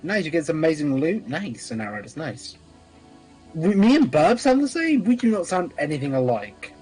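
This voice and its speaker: A man's voice: on the high side, very animated, normal speed, a little mellow, slightly rough, faint music behind, rough recording. A man teasing his friends in casual chat while playing a co-op game. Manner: teasing, playful. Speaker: co-op streamer.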